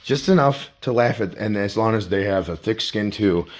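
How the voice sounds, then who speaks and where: A man's voice: lowish voice, expressive, normal speed. A man vlogging as he walks around his home, rambling and swearing as he talks to himself in the second person. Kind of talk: rambling self-talk vlog. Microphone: handheld phone.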